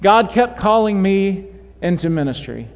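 A young male pastor preaches with animated storytelling, slipping into voices for the quotes he tells. His voice sits high for a man, and the church carries a long reverb behind him. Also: measured pace. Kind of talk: sermon. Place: church sanctuary.

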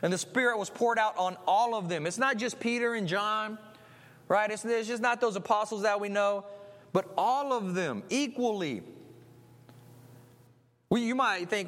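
A man's voice: high-pitched, normal speed, fairly bright tone. A man preaching a conversational sermon, chatty and tossing in tag questions and restarts as he goes. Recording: long hall reverb.

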